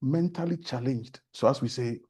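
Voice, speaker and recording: A Ghanaian man speaks as a talk-show guest, turning his stories into earnest preaching about faith. His voice is mellow and soft, with a slight husk to it. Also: mid-range voice, normal speed, breathy edge.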